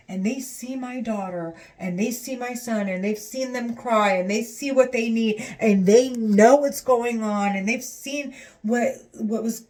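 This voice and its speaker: A woman's voice: on the high side, takes it slowly, darkish tone. A woman talking to camera in an agitated, rambling, profane monologue, full of restarts. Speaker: vlogger.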